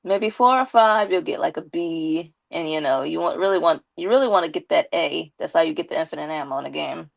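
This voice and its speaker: Gravelly-voiced woman streamer with a lisp. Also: sits low, fairly quick, few pauses, muffled recording. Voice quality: slight lisp. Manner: chatty, talks straight to viewers, gives shout-outs. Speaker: live streamer. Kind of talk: casual live-stream chat.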